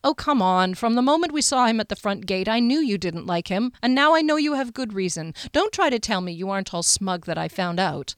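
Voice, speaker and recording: A woman's voice: medium pitch, expressive, fairly quick, hardly any pauses, clean tone, no echo, natural voice. Storybook heroine: blunt, spirited young woman warrior, read by a woman, dry booth sound. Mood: exasperated. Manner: blunt and exasperated.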